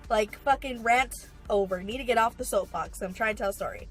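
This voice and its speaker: A woman's voice: fairly high pitch, normal speed, hardly any pauses, soft background music, rough recording. A young woman telling a storytime vlog, emphatic and swearing as she rants. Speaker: vlogger.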